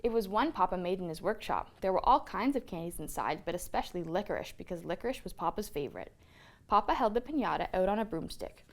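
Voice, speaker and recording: A woman storyteller reading a children's picture book aloud in an expressive read-aloud manner. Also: medium pitch, fast.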